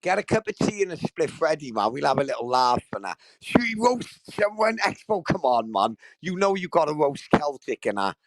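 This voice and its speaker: A man's voice: a little high, sing-song, moderate pace, few pauses, dry recording, poor audio. A young man hosting a livestream, brash and sweary, full of rowdy banter that he keeps tagging with "bro" and "right". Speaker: livestream host.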